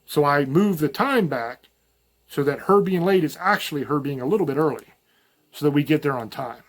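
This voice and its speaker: Folksy man, higher-pitched voice. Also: lively intonation, moderate pace. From rural Virginia mountains. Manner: folksy, rambling, storytelling with self-quoted asides. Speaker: podcast host. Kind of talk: casual spoken monologue.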